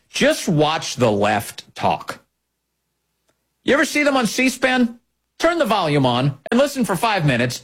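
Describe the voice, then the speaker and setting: A man's voice: a little high, slightly rough. A man hosting a political commentary show, delivering an emphatic, scornful monologue with repeated phrases.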